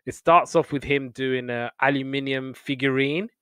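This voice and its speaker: A man's voice: medium pitch, normal speed, smooth, no echo. Rambling man in casual chat. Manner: rambling, animated retelling with playful quoted voices. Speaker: podcast host reviewing old TV shows.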